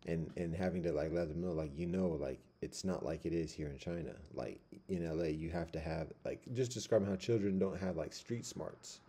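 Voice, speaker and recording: A man with a deep, mellow, slightly husky voice rambles casually from his seat at home. He drifts between thoughts, circles back with fillers and restarts, and leans on street slang. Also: brisk, few pauses. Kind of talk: casual monologue. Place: at home by a window.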